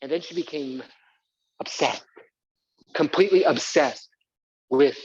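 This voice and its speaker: A man's voice: fairly high pitch, a little slow, slightly rough, highs cut off. A man performing a live one-man stage show, talking theatrically and prodding the audience to join in. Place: community center stage.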